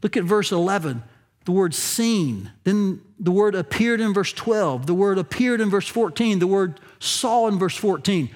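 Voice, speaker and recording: High-voiced man preaching emphatically. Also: expressive. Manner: emphatic preaching, rising on key points, slowing to stress phrases. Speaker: pastor. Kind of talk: sermon.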